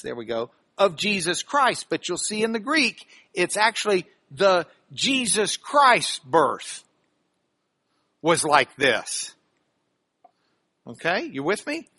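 A man teaching scripture with a high, bright voice. He hits key words with sudden loud emphasis, then drops into chatty asides that check whether listeners are following. His pitch swings widely as he talks. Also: sing-song, takes it slowly, breathy edge, no room sound. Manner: dramatic, bursts of loud emphasis. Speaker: Bible teacher. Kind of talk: Bible teaching broadcast on radio.

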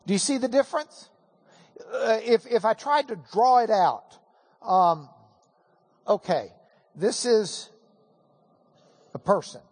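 A man teaching a Bible class, telling an animated, self-deprecating story. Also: sits high, slow pace, long pauses, slightly rough. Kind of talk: storytelling lecture. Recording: hall with long reverb.

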